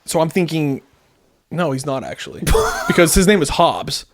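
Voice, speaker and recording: A man's voice: on the high side, expressive, normal speed. A man co-hosting a casual podcast chat, playful, laughing often and tossing in dry asides. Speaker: podcast co-host.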